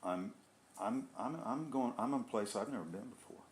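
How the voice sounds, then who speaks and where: A man in a casual group discussion, speaking earnestly and haltingly, often restarting and searching for words. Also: lowish voice, a little hiss or hum. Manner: earnest and heartfelt. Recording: echoey room.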